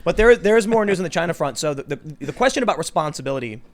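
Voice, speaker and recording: Fast-talking man hosting a podcast. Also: a little high. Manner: fast, animated, mimics voices for jokes. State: suffering from allergies. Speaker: podcast host. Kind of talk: casual political chat.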